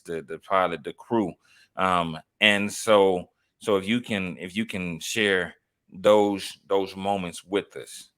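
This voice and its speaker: Slow, halting male host. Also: fairly low pitch, a bit bright. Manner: hesitant, halting, many fillers and restarts. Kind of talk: interview questions.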